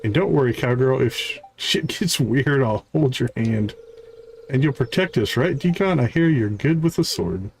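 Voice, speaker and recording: Man reading game dialogue with lively pitch. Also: moderate pace, vocal fry, slight background noise. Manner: reads dialogue with varied character voices, asides. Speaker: streamer voicing game dialogue.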